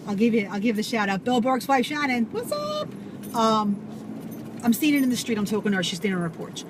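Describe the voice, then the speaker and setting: A woman telling a story to camera in an animated, casual way, swearing and full of fillers. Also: a little high, brisk. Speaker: vlogger. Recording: audible background noise.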